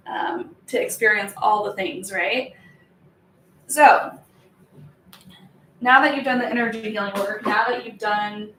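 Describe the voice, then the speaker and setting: A woman's voice: mid-range voice, a bit bright, slight background noise. A young woman hosting a casual spiritual vlog as an energy healer, chatty and giggly, full of fillers as she guides a healing practice. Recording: echoey room.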